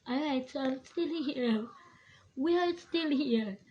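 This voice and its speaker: A woman's voice: high voice, slow, warm tone, muffled recording. A woman chatting on a live stream from her phone, distracted and laughing at herself. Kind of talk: casual live stream chat.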